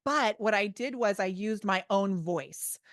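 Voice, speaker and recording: A woman on a podcast, chatting as a guest with a bubbly, animated manner and plenty of fillers. Her voice sits at a middling pitch, recorded dry and close with almost no room sound. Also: a little slow, no room sound. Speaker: guest, business coach. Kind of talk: casual podcast interview.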